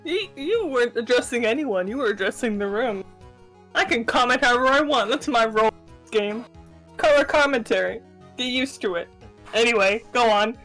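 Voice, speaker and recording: A woman's voice: fairly high pitch, expressive, normal speed, a bit bright, faint music behind. Teasing young woman co-streamer. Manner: teasing, wry. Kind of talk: casual chat, color commentary.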